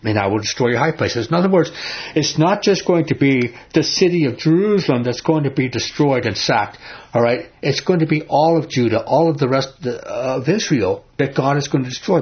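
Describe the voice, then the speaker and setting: A man's voice: mid-range voice, breathy edge. Emphatic man teaching a Bible study. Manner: emphatic, conversational, asks the listeners questions. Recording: dull lo-fi recording.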